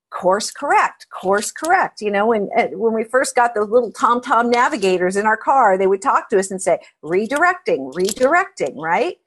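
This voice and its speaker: A middle-aged woman answering interview questions about accounting advice, emphatic and telling stories with animation. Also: fairly high pitch. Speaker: accounting advisory expert guest.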